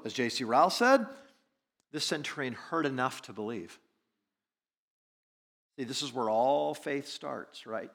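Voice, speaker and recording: A male pastor preaching a sermon. He swings from quiet, low stretches to loud emphasis and often repeats and restarts words. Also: breathy edge.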